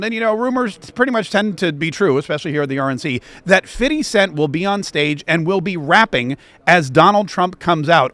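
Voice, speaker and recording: A man hosting a political talk show from a convention media row, talking with animated energy. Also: a little high, no echo. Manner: animated, breaks into chanted rap rhymes.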